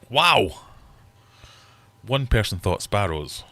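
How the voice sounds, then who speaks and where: A man's voice: low-pitched, expressive, moderate pace, fairly bright tone, no room sound. A man hosting a live-stream quiz from his fish room, chatty and teasing his viewers. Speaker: livestream host running a quiz. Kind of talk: casual live-stream chat.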